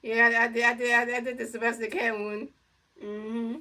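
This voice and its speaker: A woman's voice: on the high side, flat delivery, fairly quick, pushed and bright, distant mic. A woman giving casual play-by-play over a video game, rambling with lots of fillers and repeated phrases. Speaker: gamer doing play-by-play.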